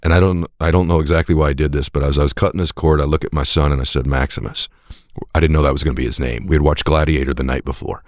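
Man w a super deep voice telling a personal story, dry close sound, gets all soft and whispery. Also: steady tone, rapid-fire, few pauses, no room sound. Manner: intense, swings to soft whispered tenderness. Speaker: guest speaker on a played clip.

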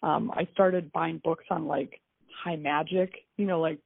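A wife and mother gives recorded interview testimony, speaking a little slowly in a gravelly, husky voice. Animated, she acts out dialogue with pitch swings. The dry recording sounds tinny and phone-like, with faint music.

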